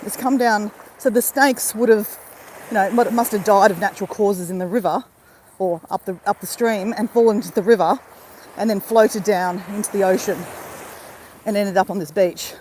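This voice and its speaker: Here a woman from Australia talks to her live-stream audience while walking the beach, chatty and laughing as she addresses them directly through a phone at arm's length. Her voice sits at medium pitch with fairly even intonation, moderate pace and a darkish tone. Sound quality is poor, with a little hiss or hum.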